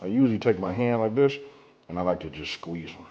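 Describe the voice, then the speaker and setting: A man's voice: low voice, animated, brisk, dark tone, husky, highs cut off. A man hosting a casual cooking demonstration, talking straight to viewers in a laid-back, colloquial way and checking in with them often. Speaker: cooking show host.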